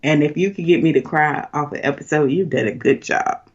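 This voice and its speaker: A young woman co-hosting a podcast, chatty and animated, with lots of fillers. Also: low-pitched, brisk, dull audio. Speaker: podcast co-host. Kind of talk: casual chat.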